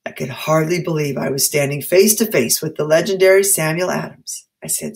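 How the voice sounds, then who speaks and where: A woman's voice: deep voice, moderate pace. A female teacher reading a chapter book aloud for a class, stopping to quiz and explain. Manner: clear, explaining, quizzing.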